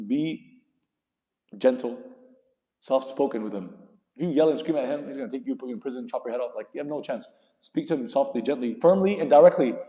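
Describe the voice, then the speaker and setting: A man giving an animated sermon, retelling a story and acting out the dialogue. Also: on the high side. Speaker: preacher. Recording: echoey hall.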